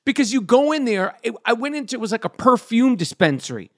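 A man in his fifties hosting a podcast, ranting loudly with lots of swearing in casual chat. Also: very high-pitched, very animated, quick pace. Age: 50s. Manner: loud, profane and ranting. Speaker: podcast host.

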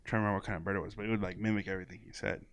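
A man's voice: fairly low pitch, little pitch movement, rapid-fire, clear, resonant tone, no echo, highs cut off. A man in casual podcast chat, telling stories with lots of laughter and acted-out quotes. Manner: laughing storyteller, acts out quoted voices. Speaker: podcast guest.

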